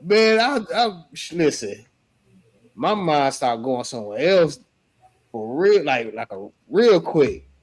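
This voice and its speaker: A young man telling a story in casual chat, slangy and animated, acting out the shouts he heard. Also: on the high side, takes it slowly. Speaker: member recounting an event.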